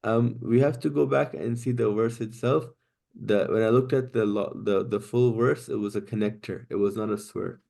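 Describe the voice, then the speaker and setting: A man teaching Quranic Arabic grammar in a class, explaining patiently step by step and reciting Arabic phrases quickly. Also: fairly low pitch, steady tone, creaky, warm tone.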